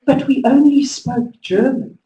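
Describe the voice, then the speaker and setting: A woman's voice: sits high, measured pace, warm tone, roomy sound, highs cut off, voice pushed up. A woman voicing a matter-of-fact male business student in a story told to an audience. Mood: dry.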